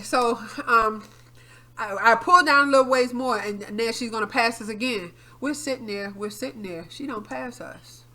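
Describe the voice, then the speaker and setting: A woman co-hosting a podcast, telling a story in casual chat and acting out quotes loudly, with frequent laughs and swearing. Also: high voice. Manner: animated, acts out quotes loudly. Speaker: podcast co-host.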